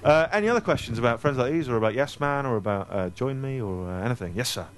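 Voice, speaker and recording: A man's voice: mid-range voice, animated, fast talker, a little hiss or hum. Scottish-born guy riffing at a book q&a, handheld mic, jokey and self-deprecating, goes off on rambly tangents. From Scotland. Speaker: author speaking to an audience. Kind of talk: casual audience Q&A. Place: store event space with a live audience. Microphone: handheld microphone.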